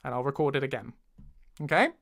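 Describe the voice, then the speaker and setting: A man's voice: medium pitch, fast talker, gravelly, fairly bright tone, no room sound. A man from Surrey with a Southern English accent, chatting casually during a livestreamed audiobook session and teasing himself about his accent attempts. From Surrey, England. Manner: chatty, self-deprecating, tries out voices. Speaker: audiobook narrator and author. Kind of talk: casual livestream chat while recording.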